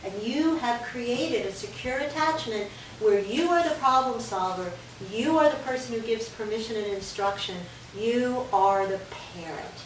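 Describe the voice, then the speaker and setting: A woman dog trainer explaining training steps clearly, one at a time. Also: fairly high pitch, normal speed. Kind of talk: instructional talk. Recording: echoey room, distant mic, faint hiss.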